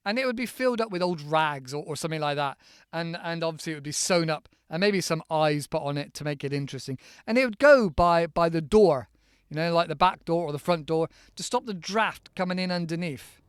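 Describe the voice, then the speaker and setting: A man from the United Kingdom, teaching in a chatty, playful podcast lesson and slowly spelling words out letter by letter. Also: on the high side, smooth, dry recording, clean studio sound.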